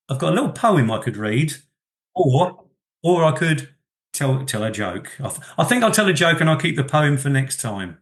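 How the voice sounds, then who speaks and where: A man's voice: on the high side, sing-song, moderate pace. A man co-hosting a casual podcast from a home kitchen, hesitant with stumbling restarts and chuckles. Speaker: podcast co-host. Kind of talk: casual chat.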